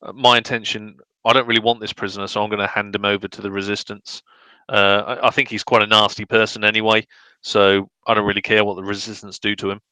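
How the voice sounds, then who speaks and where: A man's voice: fairly low pitch, little pitch movement, quick pace, pushed and bright, smooth, no room sound, rough recording. A man playing in a tabletop game, talking hesitantly and repeating words as he thinks. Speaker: player. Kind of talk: casual tabletop play.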